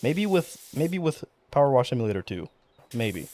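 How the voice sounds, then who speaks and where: A man's voice: medium pitch, very animated, normal speed, a little mellow, slight background noise. A young man live-streaming a game, rambling and swearing casually as he banters with his chat in mock outrage. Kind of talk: casual live-stream commentary while gaming.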